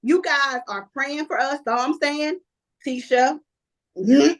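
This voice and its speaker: A woman's voice: high-pitched, slow. A woman, a reality TV guest telling stories in casual chat, acting out other people's lines as she goes. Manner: lively storyteller, acts out other people's lines. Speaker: reality TV cast member, guest. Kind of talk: casual interview chat, storytelling.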